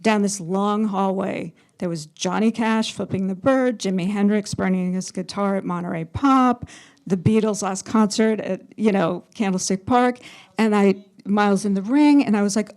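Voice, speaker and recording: A woman's voice: mid-range voice, moderate pace, darkish tone. A woman photographer telling stories as a panel guest, chatty, laughing often and acting out quotes. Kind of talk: storytelling on a panel.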